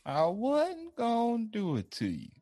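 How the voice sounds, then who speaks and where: A man's voice: sits high, huge pitch swings, a little slow, warm tone, soft background music. A man co-hosting a podcast, teasing and profane in casual banter. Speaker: podcast co-host.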